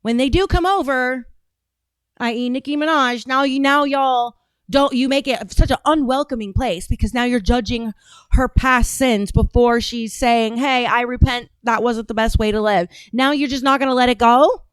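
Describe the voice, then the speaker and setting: A woman's voice: sits high, normal speed, clean tone, no room sound, studio quality. A woman hosting a reaction video, talking casually in a blunt, rambling, profane way.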